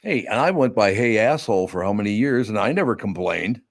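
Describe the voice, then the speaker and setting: A lower-pitched man hosting a casual talk show, gruff and opinionated as he riffs with his co-host. Now and then he reads a news item aloud. The studio mic sounds close and dry. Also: very animated, a little fast, no room sound. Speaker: radio podcast host.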